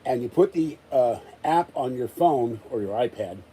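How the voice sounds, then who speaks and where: A man's voice: medium pitch, lively intonation, moderate pace, mellow, breathy edge, poor audio. A man ranting in a rambling, exasperated way during a casual live-stream chat, still recovering from an illness. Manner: exasperated, rambling rant with many restarts. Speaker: vlogger.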